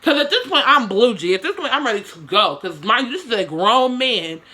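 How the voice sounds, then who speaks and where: A woman's voice: on the high side, big pitch swings, brisk, sharp tone. A young woman telling a story to her camera in casual slang, with swearing and lots of dramatic asides.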